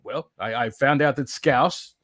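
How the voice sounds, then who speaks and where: A man's voice: medium pitch, measured pace, a bit bright, dry recording. Joking male podcast host, dry sound. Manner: joking, teasing. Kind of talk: casual sports chat.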